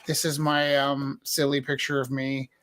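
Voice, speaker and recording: A man's voice: medium pitch, completely flat delivery, moderate pace, a bit bright, slight background noise. A man in his fifties, an artist auctioning his own paintings in a rambling, self-deprecating, jokey way. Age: 50s. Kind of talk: casual live-stream chat. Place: art studio, indoors.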